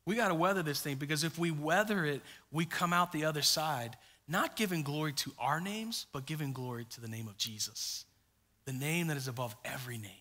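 A man preaching in a church, his voice bright and forceful. He tells stories animatedly, jumping his pitch when he acts out what people said. The sound carries a long, hall-like reverb. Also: fairly quick. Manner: storytelling, acts out quotes with big pitch jumps. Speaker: pastor. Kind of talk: sermon. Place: church sanctuary.

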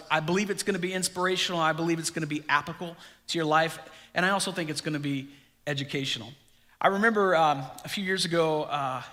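A man's voice: fairly high pitch, sharp tone, in a large hall. A man preaching a sermon as pastor, talking conversationally to his congregation with frequent rhetorical questions. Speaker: district youth director.

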